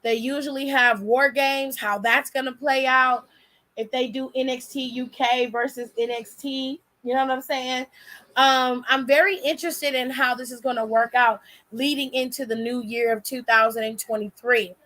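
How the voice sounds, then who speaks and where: Brief: high-pitched woman, sassy and blunt vlog commentator, laughs a lot. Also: steady tone, moderate pace, sharp tone. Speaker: wrestling commentary vlogger. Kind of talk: casual reaction commentary.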